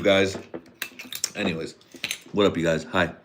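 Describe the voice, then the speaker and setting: A man's voice: deep voice, fairly even intonation, a little slow, background noise. A tipsy man hosting a casual live podcast, rambling and swearing a lot while laughing between thoughts. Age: adult father and husband. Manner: rambling, profane, laughs often. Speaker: podcast host. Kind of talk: casual live-stream rant.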